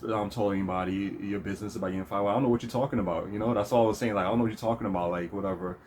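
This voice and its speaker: Fast-talking low-voiced man rambling. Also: steady tone, a little mellow, a little hiss or hum. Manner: rambling, many fillers and restarts, laughs often. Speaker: vlog host. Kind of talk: casual storytelling monologue.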